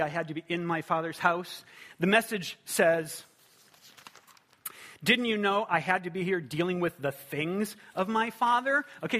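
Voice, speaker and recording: Bright, animated male preacher. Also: high-pitched. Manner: animated, conversational preaching with rhetorical questions. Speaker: pastor. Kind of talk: sermon.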